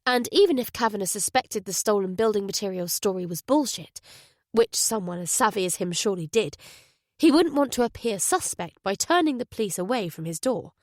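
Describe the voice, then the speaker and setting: Woman narrating an audiobook, steady and even, dry close sound. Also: mid-range voice, no echo. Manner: measured, even storytelling. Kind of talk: scripted narration.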